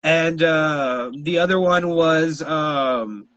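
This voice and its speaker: A podcast co-host with a higher-than-average male voice speaks slowly, spinning wild stories in loose conversation while cursing freely and laughing a lot. The audio is dull and carries no room sound.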